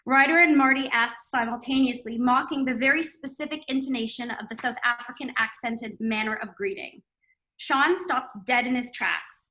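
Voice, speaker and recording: A woman's voice: on the high side, moderate pace, sharp tone, rough recording. A woman co-hosting a book chat, reading a passage from her novel aloud. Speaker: co-author and co-host.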